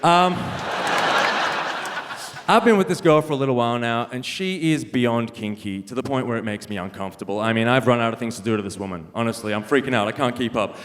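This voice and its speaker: On a club stage, a young comedian delivers a punchy, wry stand-up set full of self-mockery, frequently laughing at his own jokes. He speaks a little fast in a mid-range, somewhat bright voice. The recording has live venue reverb and faint noise.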